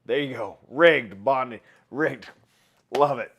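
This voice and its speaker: A man's voice: mid-range voice, takes it slowly. A man hosting a casual live stream, chatting with viewers, greeting them by name and running giveaways. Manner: chatty, reads out viewer names and shouts greetings. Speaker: livestream host.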